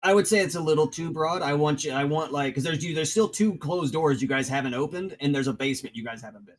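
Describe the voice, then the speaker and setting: A man's voice: a little high, quick pace. A man narrating as game master in a casual tabletop game, rambling with many restarts.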